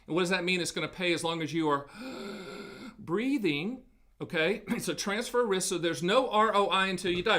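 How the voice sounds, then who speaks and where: A man's voice: high-pitched, animated, normal speed, sharp tone. A man hosting a live studio broadcast, explaining financial products in a punchy, folksy sales-education style. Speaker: host of an annuity live event. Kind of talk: energetic sales-education talk.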